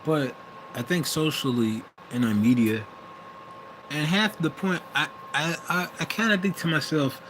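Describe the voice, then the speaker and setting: In an unhurried, slightly high voice, a young Wisconsin-accented man from the US Midwest rambles through a casual vlog monologue. He's hesitant, frequently starting over and correcting himself, with the sound of a vehicle in the background.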